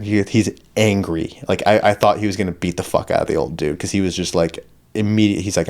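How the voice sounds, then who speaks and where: A man's voice: deep voice, fairly even intonation, quick pace, darkish tone. A man hosting a podcast, telling stories in a loose, profane, casual way. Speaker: podcast host. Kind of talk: casual chat.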